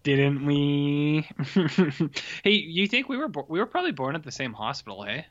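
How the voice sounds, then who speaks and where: A man's voice: a little high, huge pitch swings, fairly quick, fairly bright tone, dry recording, muffled recording. A young man co-hosting a podcast, chatting casually and joking around. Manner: joking, puts on a mock Irish accent. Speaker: podcast co-host. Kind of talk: casual chat.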